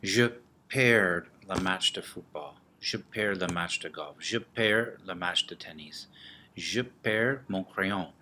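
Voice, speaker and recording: Male teacher, low voice, slow patient drill delivery, faint room ambience behind. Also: sharp tone, a little hiss or hum. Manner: slow, repeats words and drills with gestures. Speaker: French teacher. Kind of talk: classroom vocabulary lesson.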